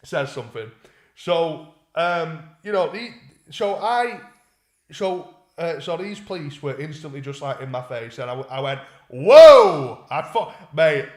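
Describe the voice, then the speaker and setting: A man's voice: fairly high pitch, expressive, moderate pace, roomy sound. Sweary man telling a story. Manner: sweary, rambling, acts out quoted voices. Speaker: podcast co-host. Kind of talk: casual storytelling chat.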